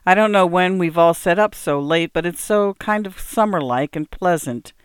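A woman's voice: fairly low pitch, moderate pace, clear, resonant tone, no room sound, studio quality, close to an everyday voice. A woman reading aloud and voicing a kind-hearted, hardworking farmer in old rural dialect, earnest and homely in manner. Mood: gentle. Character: kindly hardworking farmer man, cheerful yet grieving.

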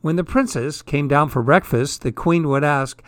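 A man reading comic, twisted fairy tales aloud in a deadpan, wry storytelling manner. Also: fairly high pitch, moderate pace, no echo.

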